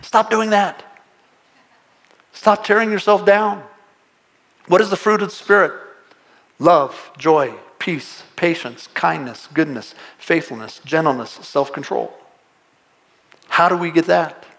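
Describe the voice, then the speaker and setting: A man's voice: a little high, unhurried, vocal fry, fairly bright tone. A male pastor preaching a sermon to a live congregation, earnest and pleading, often repeating words and asking rhetorical questions.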